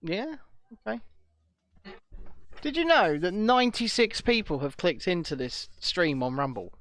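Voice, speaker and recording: A chatty male host running a live stream, reading out viewer comments and often restarting his sentences. His voice is high and swings widely in pitch. The sound is dry and close. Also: sing-song, measured pace, a bit bright, dry recording. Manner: chatty, stammering restarts, reads chat comments aloud. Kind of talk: casual live-stream chat.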